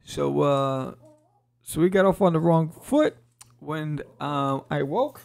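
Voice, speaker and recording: A man's voice: fairly high pitch, slow pace, vocal fry, darkish tone. A man hosting a podcast and casually talking through a comic book, laid-back and joking. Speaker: podcast host.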